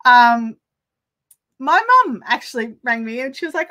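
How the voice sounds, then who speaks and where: Australian woman, crafting livestream host; slightly high, crisp bright voice, chatty and rambling. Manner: chatty, rambling, quick to laugh. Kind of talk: casual livestream chat.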